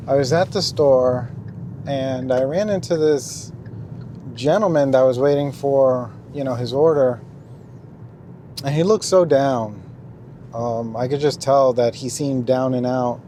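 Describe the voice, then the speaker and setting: Earnest and casual, a young man gives his personal faith testimony as a Christian vlogger, his speech sprinkled with ums and you-knows. He has a medium-pitched, dark-toned voice, with slight background noise.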